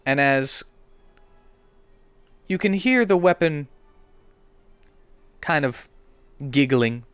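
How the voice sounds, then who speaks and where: Lively, clear-voiced game master man. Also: on the high side, very slow, dry recording, faint music behind. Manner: animated, playful narration. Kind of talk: narrating a tabletop game.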